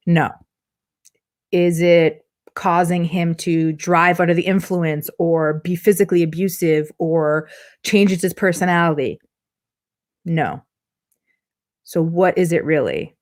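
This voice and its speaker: A middle-aged woman relationship coach answering interview questions in a lively way, acting out her clients' voices as she tells stories. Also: lowish voice, a little slow, pauses often. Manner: animated, acts out quoted clients in different voices.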